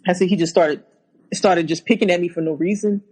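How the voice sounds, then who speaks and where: A woman telling her own story as a podcast guest, halting and repeating herself, acting out what was said. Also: on the low side, steady tone, dark tone, breathy edge, rough recording. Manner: halting, repeats words, acts out quotes. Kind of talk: personal account in a podcast interview.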